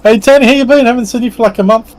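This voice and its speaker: A man's voice: very high voice, rapid-fire, darkish tone, poor audio. A man chatting in a friendly way with gaming friends, rambling with lots of fillers. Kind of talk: casual chat while gaming.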